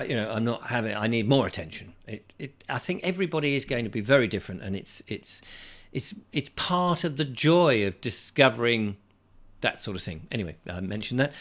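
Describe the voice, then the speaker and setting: A man's voice: medium pitch, a bit bright. Middle-aged male host, casual rambling chat, reads comments. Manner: chatty, rambling, reads viewer comments aloud.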